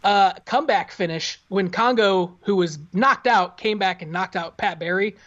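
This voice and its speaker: A man who is a guest on a casual podcast, calling in over video from home. He tells stories in an animated way and swears casually. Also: sits high, normal speed. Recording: dull lo-fi audio.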